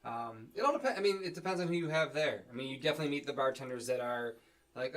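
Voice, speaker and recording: Casual podcast dad, rambling and playful, sits back from the mic. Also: male voice, medium pitch, fast, a bit bright, far from the mic, low-quality recording. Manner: rambling, with restarts and playful mock quotes. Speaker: podcast co-host, parent. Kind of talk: casual chat over beers.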